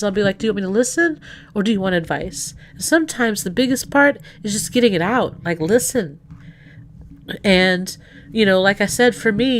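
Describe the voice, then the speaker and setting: A middle-aged woman hosting a livestream, tearful and rambling as she chats warmly with her viewers. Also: mid-range voice, slight background noise. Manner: tearful, rambling, full of restarts and laughs. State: crying. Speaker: livestream host. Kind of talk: emotional casual chat to a live audience.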